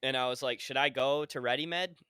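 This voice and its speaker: A man's voice: mid-range voice, brisk, pushed and bright, smooth, no room sound, studio quality. A young man co-hosting a podcast, telling stories in a laid-back, swear-heavy casual chat. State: injured foot, hobbling. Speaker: podcast co-host.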